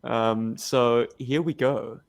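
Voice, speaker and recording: A man's voice: mid-range voice, fairly even intonation, slow, vocal fry. A South African man co-hosting a podcast, jokey and teasing as he steers the chat. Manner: jokey and teasing, leads the discussion. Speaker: podcast co-host. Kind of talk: casual chat.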